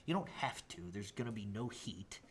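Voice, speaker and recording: Deep-voiced man telling wrestling stories. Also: moderate pace, slight background noise. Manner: animated storyteller, laughs often. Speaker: professional wrestler guest. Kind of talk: casual storytelling interview.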